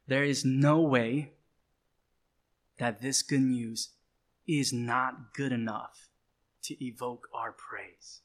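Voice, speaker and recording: A man's voice: mid-range voice, steady tone. A man preaching a sermon as pastor, emphatic and repetitive, driving points home with short repeated calls. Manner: emphatic, repeats phrases, slow deliberate delivery.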